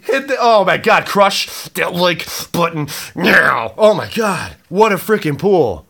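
An excitable man hosting a card-opening video, exclaiming often and swinging between loud outbursts and low mutters. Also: measured pace, creaky. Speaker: card-opening channel host. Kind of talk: excited unboxing vlog.

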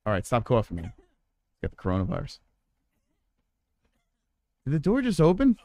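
A man's voice: mid-range voice, normal speed, no room sound. A man giving live, profane commentary while playing a video game, yelping, cursing and laughing at what happens on screen. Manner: excitable, swears often, yelps and laughs at the game. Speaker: livestreaming gamer.

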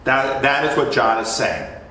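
In a church meeting room, a man leads a Bible study, explaining a passage conversationally and often restarting his phrases. His medium-pitched voice is animated and unhurried, picked up by a distant mic in an echoey room with crowd noise.

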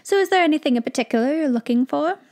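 Lady putting on a tiny hyper wizard shopkeeper guy, funny accent, higher voice. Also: animated, racing, darkish tone. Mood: eager. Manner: eager, passionate, odd put-on accent. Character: small excitable male shopkeeper wizard. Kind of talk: fan fiction read-aloud.

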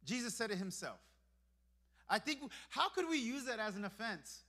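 A pastor from Brooklyn, New York, delivering a lively sermon in a church. He swings from soft, confiding lines to loud, emphatic ones. His voice sits high for a man and sounds bright and forceful. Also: normal speed. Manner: animated preaching that swings from hushed to emphatic. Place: church sanctuary.

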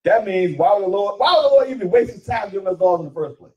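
A man teaching scripture in call-and-response, pressing his listeners with repeated questions. His pitch swings widely as he drives each point home. He is picked up from across the room. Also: animated, quick pace, dark tone, recorded from a distance, dull audio. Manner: emphatic, questioning, repeats phrases. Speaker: teacher leading Bible study.

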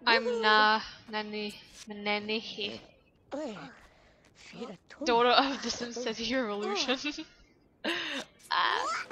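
A woman's voice: on the high side, lively intonation, takes it slowly, pauses often, a crowd in the background. A woman giving casual, profane let's-play commentary as she plays. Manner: profane, chatty, rambling. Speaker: gaming video host. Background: game music.

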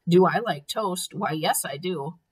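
Officious storybook policeman, read by a woman with a husky low voice. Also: a little slow, recorded from a distance. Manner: officious, repeating rules. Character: stern fussy male police officer.

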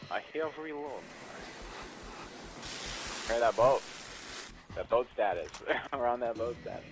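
A man's voice: medium pitch, normal speed, poor audio. A man co-hosting a let's play, chatting and joking with a friend while gaming. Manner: chatty, giggly, jokey banter. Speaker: gamer co-host. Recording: voice over loud game noise.

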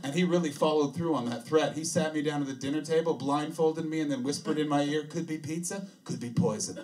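A man doing a stand-up comedy set for a live album, telling dark stories in a deadpan way with sudden loud asides. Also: on the high side, quick pace, far from the mic. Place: hot, narrow comedy room. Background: audience laughter.

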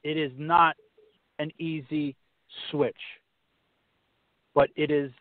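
Man, fairly high voice, halting storyteller, preachy at times, dry tinny phone-line sound. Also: flat delivery, dry recording. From Massachusetts. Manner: halting, restarts sentences, preachy when quoting scripture. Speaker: podcast guest. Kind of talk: casual storytelling.

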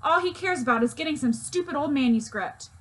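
A woman voicing a bold, mouthy teenage boy with a loud, needling manner while reading a children's novel aloud. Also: high voice, expressive, a little fast, pitched above the performer's own voice. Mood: goading.

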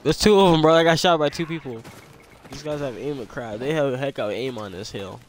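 A young man casually commenting on his own gameplay, excitable and slangy, repeating lines and yelping when he gets attacked. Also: medium pitch, brisk, slight background noise. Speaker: gamer.

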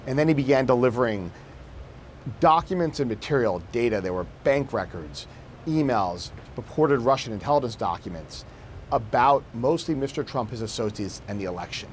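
A man's voice: mid-range voice, a little hiss or hum. A man, a national security correspondent, explaining his reporting as a news interview guest, with fillers and restarts.

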